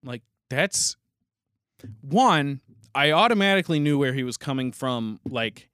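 A man's voice: medium pitch, expressive, unhurried, a bit bright, smooth, dry recording, clean studio sound. A man co-hosting a casual podcast chat, telling rambling stories with crude humor and constant restarts. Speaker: podcast co-host.

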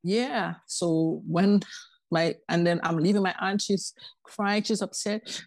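A woman's voice: mid-range voice, a little slow, no echo. A woman, a podcast guest, telling her life story in casual talk and acting out the voices of people in it. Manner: animated, acts out quoted voices.

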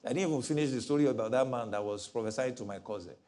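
A middle-aged man preaching a sermon as pastor, animated, acting out voices from his stories. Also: mid-range voice, very fast. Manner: animated, mimics voices in stories, laughs often.

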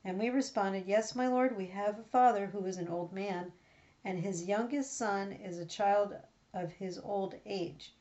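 A woman's voice: mid-range voice, measured pace, a little mellow, lightly acted. A woman reading as a pleading elder brother. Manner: earnest, read aloud with small slips. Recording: dull lo-fi recording.

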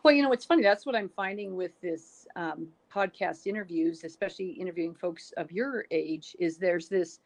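A woman's voice: fairly low pitch, moderate pace, hardly any pauses. A middle-aged woman hosting a podcast interview, talking in an encouraging, thinking-aloud way with many restarts. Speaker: podcast host. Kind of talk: casual interview chat.

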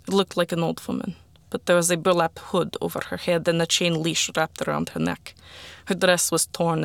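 An audiobook reader narrates a first-person story in a quiet, deliberate voice that sometimes sinks to a whisper. The voice is gravelly and sits at a middle pitch. The recording is dry and close, with no room echo.

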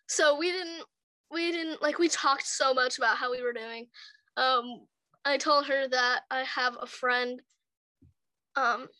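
Giggly high-voiced young woman rambling. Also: sharp tone, no room sound. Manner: giggly, rambling storyteller who acts out quotes. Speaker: chat partner. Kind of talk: casual chat.

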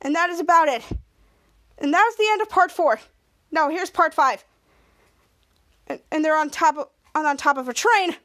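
A woman hosting a podcast, recapping a TV episode in a halting way, often restarting and repeating herself. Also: high voice, a bit bright. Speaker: podcast host.

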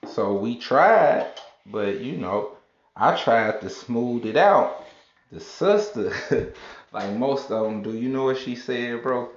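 A man tells a work story in a casual, slangy monologue. His gravelly voice swings widely in pitch as he goes. The sound is roomy and dull. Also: slow. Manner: slangy, animated, lively storyteller. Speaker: customer service agent and supervisor.

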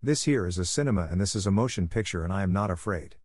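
A man's voice: deep voice, expressive, fast, darkish tone, no echo. A man voicing a proud, indignant American businessman from the 1890s, speaking sternly and defensively. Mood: defiant. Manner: stern and defensive, raising his voice.

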